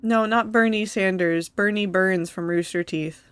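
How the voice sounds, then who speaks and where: A woman streaming a game talks with her chat, tearful yet laughing as she gives casual live-stream commentary. She speaks a bit slowly in a mid-range voice with fairly even intonation, and the clean sound has no echo.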